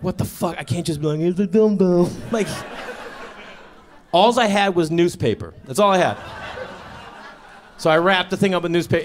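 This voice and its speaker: A man's voice: a little high, slight background noise. A man performing a stand-up comedy set, telling a story in an awkward, sheepish way with bursts of exasperation. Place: comedy stage before a live audience.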